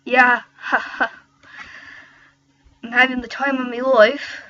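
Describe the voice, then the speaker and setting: A woman's voice: a little high, flat delivery, takes it slowly, pushed and bright, lo-fi sound, slight background noise. A young woman voicing a cheerful young Irish man in a clumsy, exaggerated put-on Irish accent.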